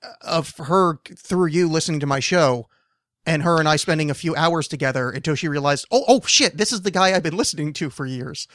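A man in his thirties with a slightly raised, strained voice that is going hoarse, talking loosely and swearing as he hosts a podcast. He rambles and laughs between points. The sound is close and dry, with no room around it. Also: fairly high pitch, brisk, a bit bright, dry recording. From New Jersey. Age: 30s. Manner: rambling, profane, laughs often. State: losing his voice. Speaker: podcast host. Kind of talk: casual podcast chat.

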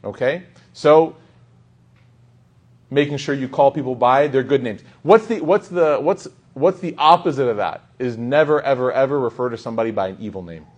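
A man giving a casual sermon to a live audience, talking in a relaxed, conversational way, repeating lines for emphasis, often asking "right?" and quoting Arabic scripture. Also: mid-range voice, moderate pace. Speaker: Islamic preacher.

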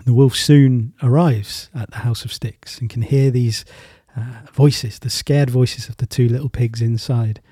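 Casting: male host, easygoing storyteller, husky, mellow, dry. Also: mid-range voice, measured pace, few pauses, no echo. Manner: relaxed, rambling with fillers and restarts. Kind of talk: casual storytelling in a talk.

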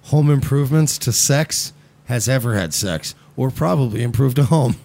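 A man's voice: mid-range voice, expressive, normal speed, creaky, warm tone. A man co-hosting a casual reaction chat, sarcastic and crude, often laughing. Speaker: podcast co-host.

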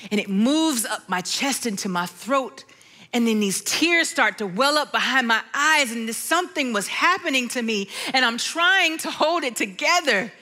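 A middle-aged woman giving a personal testimony sermon, telling her story and slowing to a hush for sung lines. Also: fairly high pitch, lively intonation. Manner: storytelling, softens to a hush and sings lyrics slowly. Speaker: worship speaker.

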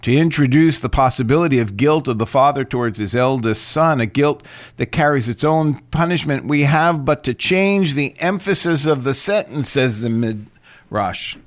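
A man giving a reflective lecture on scripture, speaking in a deliberate, questioning way. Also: mid-range voice, no room sound, studio quality.

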